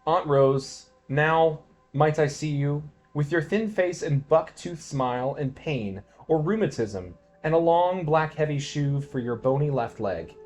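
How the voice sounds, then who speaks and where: A man giving a dramatic poetry reading, swinging between quiet musing and loud declamation. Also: fairly high pitch, unhurried, few pauses, soft background music. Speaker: poetry reader.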